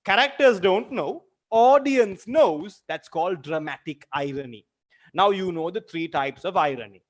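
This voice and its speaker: A man teaches a literature lesson online in a high voice with lively intonation and a measured pace. He explains terms through repeated examples and asks his students direct questions.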